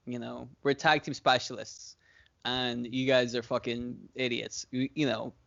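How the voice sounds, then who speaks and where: A man's voice: medium pitch, level tone, measured pace, creaky, fairly bright tone, highs cut off. A man doing exasperated wrestlers scolding. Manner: lecturing, profane. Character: exasperated male wrestling tag team scolding rivals.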